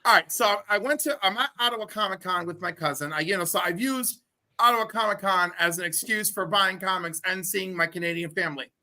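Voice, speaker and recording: A man from New York telling a story in casual group chat, animated. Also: high voice, a little fast.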